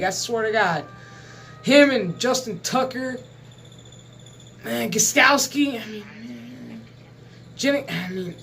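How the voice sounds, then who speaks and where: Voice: medium pitch, fairly bright tone, a little hiss or hum. A channel host in a casual, rambling sports chat to camera, swearing freely and chuckling often.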